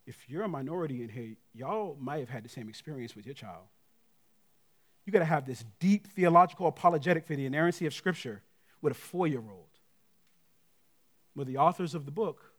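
Middle-aged guy preaching in church, kinda high voice, goes loud then real quiet, talks casual to the crowd. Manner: dynamic preaching, swings from loud to hushed; colloquial, conversational asides to the congregation. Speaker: guest pastor. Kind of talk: sermon. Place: church sanctuary.

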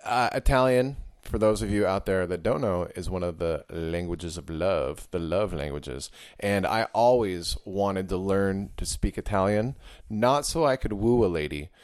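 A chatty man with a fairly low voice, joking his way through casual podcast banter as a co-host. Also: lively intonation, unhurried, hardly any pauses, darkish tone, clean tone. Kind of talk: casual chat.

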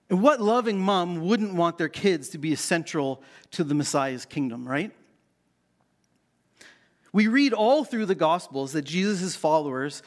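A middle-aged man from Canada preaching a sermon as pastor, playful and self-mocking as he tells the story. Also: sits high.

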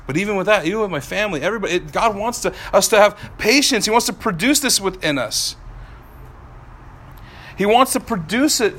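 Male pastor, thirties, high and bright voice, animated preaching, dips soft then climbs loud. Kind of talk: sermon.

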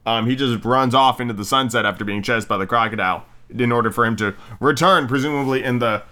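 A man's voice: medium pitch, fast, pushed and bright. A man hosting a podcast, chatting through a movie review in a rambling, profane way, full of ums and restarts. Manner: jokey, does mocking voices of characters. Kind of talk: casual solo review chat.

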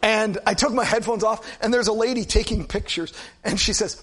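A middle-aged male pastor with a notably high voice preaches in a relaxed, conversational way. He tells a personal story with lively asides, as if talking to friends. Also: fairly quick, slightly rough. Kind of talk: storytelling sermon.

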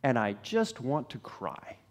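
A man preaching a sermon, telling a story dramatically and swinging from loud to hushed. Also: mid-range voice, very animated, unhurried. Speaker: pastor.

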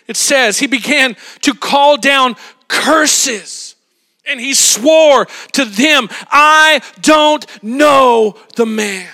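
A man preaching a sermon, retelling a story with animated, dramatic flair. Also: very high-pitched.

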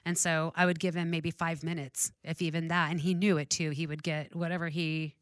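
Animated middle-aged woman telling a story. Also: deep voice, a little fast, no room sound, studio quality. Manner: animated storyteller, acts out dialogue, laughs often. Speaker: real estate investor. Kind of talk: casual storytelling chat.

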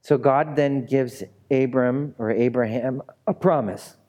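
A man's voice: medium pitch, measured pace, a little mellow. A male pastor preaching a sermon in a conversational way, with playful asides and emphatic repetition.

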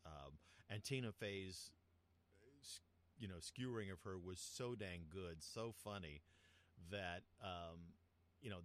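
A man co-hosting a podcast in casual chat, telling stories in an animated way. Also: low voice. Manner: chatty, animated storyteller. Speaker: podcast co-host.

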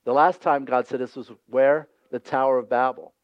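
A male pastor preaching a sermon in a lively, conversational way, acting out voices from the scripture scenes. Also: medium pitch, moderate pace, clear, resonant tone, no echo, highs cut off.

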